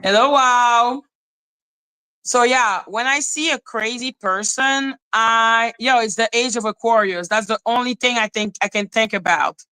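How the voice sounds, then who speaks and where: Bright, animated woman ranting. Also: on the high side, normal speed, hardly any pauses, clean tone, poor audio. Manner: animated, profane, laughing often. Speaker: podcast host. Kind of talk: live ranting commentary.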